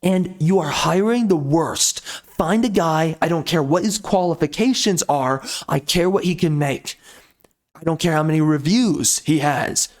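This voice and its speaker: On the high side and unhurried, a male video commentator delivers a long, blunt rant. He keeps repeating himself as he airs his frustrations.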